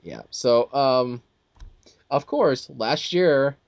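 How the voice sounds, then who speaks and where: A man in a casual movie chat, working himself into a fanboy rant, stumbling over repeated words and acting out little quotes. His pitch jumps around a lot as he gets worked up, and the recording is dry and close. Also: drawn-out words, vocal fry, no echo, highs cut off. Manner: animated ranting with many restarts and quoted asides. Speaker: podcast co-host.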